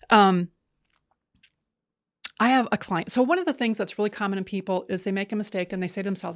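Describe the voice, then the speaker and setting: A woman with a mid-range voice speaks as a podcast guest. She tells stories with animated energy, acting out the dialogue and checking in with "right?" as she builds her points. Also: medium pitch, fairly quick, pauses often. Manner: animated storyteller who acts out quoted dialogue; emphatic lists and repeated "right?". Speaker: podcast guest, leadership coach. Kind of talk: conversational podcast interview.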